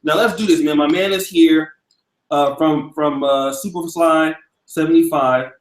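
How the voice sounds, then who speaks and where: Echoey, high-pitched live-stream host. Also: male voice, fairly even intonation, a little slow. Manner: loose, profane, hypes up the audience. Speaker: livestream host. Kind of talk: casual live-stream chat.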